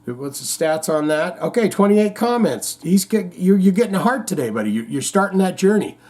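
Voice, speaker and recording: A man's voice: high voice, big pitch swings, moderate pace, darkish tone. A man hosting a show in casual chat, rambling, reading out viewer comments and telling corny jokes. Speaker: host.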